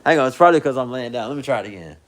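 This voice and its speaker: A man's voice: medium pitch, lively intonation, rapid-fire. A young man casually chatting on a livestream, reading viewer comments in a loose, rambling way and laughing often. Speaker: livestream host.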